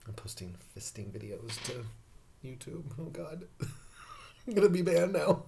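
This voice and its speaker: A man's voice: a little high, sing-song, a little slow, creaky, long pauses, mellow, a little hiss or hum. A man giving a casual skincare review at home, campy, profane and playful, laughing often. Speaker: beauty vlogger reviewing skincare.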